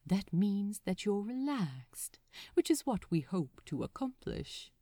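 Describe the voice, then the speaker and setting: A woman reading a story aloud and voicing a gentle, proper male angel with a soft, reassuring manner, pitched a bit lower than her own voice. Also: sing-song, slow, no room sound, studio quality.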